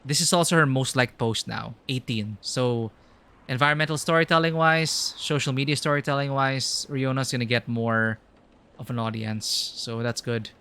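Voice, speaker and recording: A male streamer talking casually over a game, loose and rambling with lots of "like" fillers. His voice is bright and crisp, with middling pitch. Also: steady tone, normal speed. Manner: chatty, rambling asides with many "like" fillers. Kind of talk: casual let's-play commentary.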